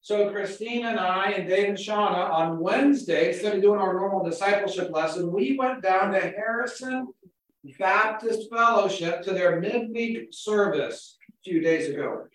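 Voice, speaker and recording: Pastor, man, high voice, casual conversational preaching, restarts often, heard from a distance in a reverberant church hall. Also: normal speed, fairly bright tone. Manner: casual, repeats words as he goes. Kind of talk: conversational sermon.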